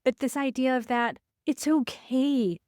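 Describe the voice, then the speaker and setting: A woman co-hosting a casual podcast, a life coach who tells stories with lively, acted-out quotes. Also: unhurried, dry recording, clean studio sound. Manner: animated storyteller, acts out quotes with big pitch swings.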